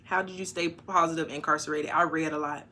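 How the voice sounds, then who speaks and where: A woman on a casual livestream, reading viewer comments aloud and answering them frankly, with sudden loud bursts. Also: low-pitched, steady tone, a little fast, a little hiss or hum. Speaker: YouTuber answering live chat. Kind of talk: casual live-stream chat.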